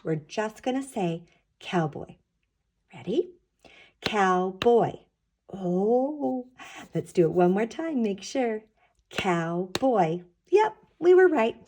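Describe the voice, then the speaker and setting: A woman teaching preschoolers, cheerful and encouraging as she talks to small children and sings a slow children's song. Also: medium pitch, darkish tone. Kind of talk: preschool lesson.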